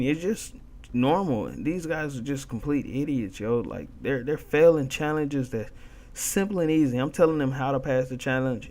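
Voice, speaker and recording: A man's voice: mid-range voice, a little hiss or hum. A young man giving casual gameplay commentary, ranting in frustration about his teammates and repeating himself often. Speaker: gaming video commentator.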